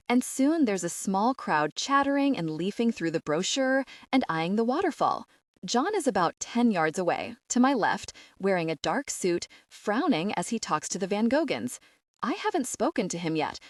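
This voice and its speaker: A woman narrating a first-person audiobook in a lively, expressive way. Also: medium pitch, dry recording, studio quality, distant mic.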